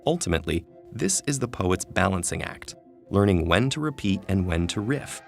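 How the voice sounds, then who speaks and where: Low gravelly male lesson narrator. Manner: calm, measured, slows for quoted verse. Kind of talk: scripted educational narration. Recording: soft music underneath.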